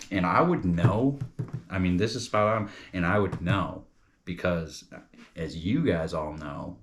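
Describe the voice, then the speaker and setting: A man's voice: deep voice, a bit bright. A young man from New York chatting casually as a comedy reviewer, rambling and loose, calling people bro and dude.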